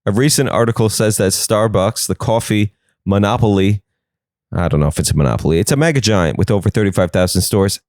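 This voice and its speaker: A man's voice: lowish voice, darkish tone, no echo, clean studio sound. A young man hosting a comedy podcast, riffing sarcastically on the news and slipping into silly voices.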